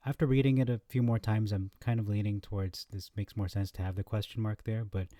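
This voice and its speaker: Guy going over bible verses, lowish mellow voice, dry close sound, lots of uhs. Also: fairly even intonation, a little fast, dry recording. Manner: reads verses aloud, thinks out loud with fillers. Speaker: Bible teacher. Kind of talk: scripture comparison lesson.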